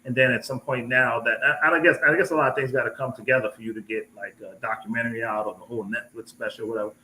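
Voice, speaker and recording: A man's voice: mid-range voice, fairly even intonation, fast talker, sharp tone, a little hiss or hum, rough recording. A man co-hosting a live online talk show, rambling casually and restarting his sentences often. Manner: rambling, full of restarts and fillers. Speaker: co-host. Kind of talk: casual live-stream chat.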